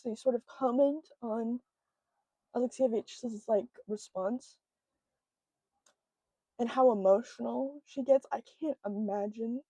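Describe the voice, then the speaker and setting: A woman talks about a book in a casual vlog, her voice sitting a little high but mellow and soft-edged. She speaks in an emotional, halting way, full of fillers. The close microphone gives a dry, intimate sound. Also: no echo, low-quality recording. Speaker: book vlogger. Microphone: own microphone close up.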